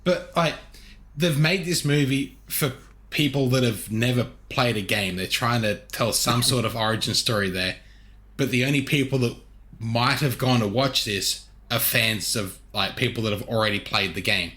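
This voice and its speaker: A man's voice: mid-range voice, moderate pace, bright, forceful tone. A man co-hosting a casual podcast, laid back and offhand, swearing now and then. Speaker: podcast co-host.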